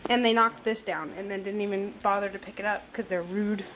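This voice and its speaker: A woman's voice: medium pitch, fairly even intonation, fairly quick, fairly bright tone, slight background noise. Chatty woman vlogging at home. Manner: chatty, rambling storyteller, mildly exasperated. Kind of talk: casual home update vlog.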